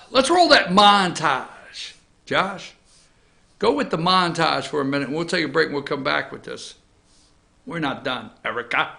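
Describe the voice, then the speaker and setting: A male talk-show host holding forth from his office in a bright, tense voice pitched a bit high. He talks bluntly and sarcastically, wandering into rambling asides. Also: lively intonation, a little slow, creaky. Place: office studio.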